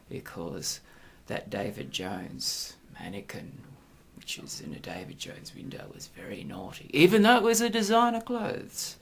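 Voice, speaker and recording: A middle-aged man ranting in a sarcastic, crude monologue, swinging between mutters and loud outbursts. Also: on the low side, vocal fry. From Australia. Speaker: vlogger.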